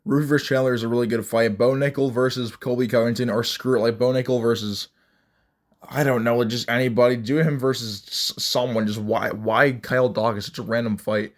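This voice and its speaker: A young MMA vlogger with a medium-pitched, steady voice moves at a fairly quick clip. His casual, ranting fight commentary is blunt, mocking and rambling, with lots of restarts.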